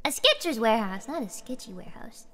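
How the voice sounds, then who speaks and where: A woman's voice: fairly high pitch, huge pitch swings, fast, a bit bright. A woman streaming karaoke, chatting between songs in a giggly, rambling way, a little out of breath. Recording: backing music under the voice. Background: karaoke backing music.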